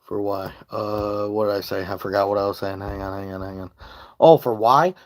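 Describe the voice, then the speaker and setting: This man from Michigan has a fairly low, fairly evenly intoned voice at normal speed. Live-streaming casually from his home basement over a phone, he rambles on, swears and loses his train of thought.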